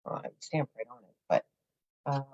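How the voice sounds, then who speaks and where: A woman's voice: a little fast, darkish tone. A middle-aged woman hosting a crafting video, chatting casually, giggling and thinking aloud as she works. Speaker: crafting channel host. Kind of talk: casual crafting tutorial chat. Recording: dull lo-fi home recording.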